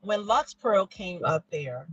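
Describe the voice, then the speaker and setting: A woman's voice: medium pitch, expressive, slow pace, no room sound, lo-fi sound, soft background music. A middle-aged woman hosting a live stream, chatting casually with her viewers and reading their comments, laughing often and pronouncing every syllable carefully. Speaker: livestream host reading chat. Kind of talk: casual chat.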